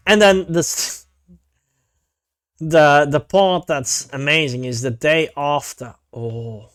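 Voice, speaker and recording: A man's voice: fairly high pitch, takes it slowly, a bit bright, clean tone, no room sound, clean studio sound. A man streaming, chatting casually and animatedly about online drama, swearing freely and saying "mate".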